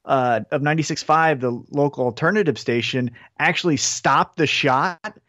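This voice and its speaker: A man's voice: a little high, moderate pace, a bit bright, no room sound. A man, co-hosting a podcast and telling wry anecdotes in casual chat. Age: 30s. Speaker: podcast co-host.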